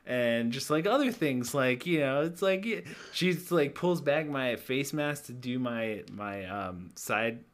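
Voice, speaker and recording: A man co-hosting a relaxed chat podcast. He tells stories in a loose, laughing way, often breaking off and starting again. His voice sits at an ordinary middle pitch. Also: measured pace, few pauses. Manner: laughing storyteller, trails off and restarts. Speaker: podcast co-host.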